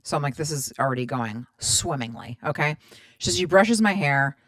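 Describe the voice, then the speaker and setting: A woman in her thirties hosts her own podcast, talking low and chatty as she swears freely and acts out both sides of her stories. The sound is dry and close, with no room around it. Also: lively intonation, normal speed, no echo. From Middle Eastern background. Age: 30s. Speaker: podcast host. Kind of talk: casual storytelling monologue.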